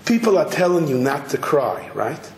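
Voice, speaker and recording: A man voicing a gentle, consoling old woman who speaks some Yiddish, in an echoey hall. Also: a little high, very animated, normal speed, a little hiss or hum. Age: older.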